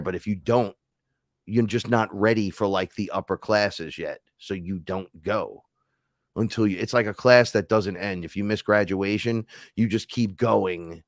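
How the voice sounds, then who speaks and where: Man, very low voice, host, casual chat, rambling, profane, dry recording. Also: dry recording. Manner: rambling, profane, loose storytelling. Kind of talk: casual live-stream chat.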